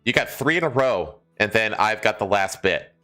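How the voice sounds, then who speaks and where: A man's voice: on the low side, lively intonation, moderate pace, bright, forceful tone, soft background music. A man co-hosting a podcast, rambling and swearing in casual chat and laughing easily. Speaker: podcast co-host.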